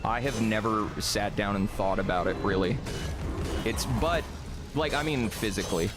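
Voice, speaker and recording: A man's voice: fairly low pitch, moderate pace, music in the background. A young man chatting casually on a live stream, reading chat, rambling, laughing often and swearing freely.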